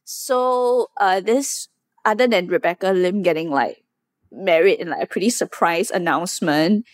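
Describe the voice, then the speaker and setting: A young woman hosting a casual pop culture podcast, chatty and lively, with many fillers, acting out quotes as she talks. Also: lowish voice, a little slow, no echo, studio quality. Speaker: podcast host. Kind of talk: casual chat.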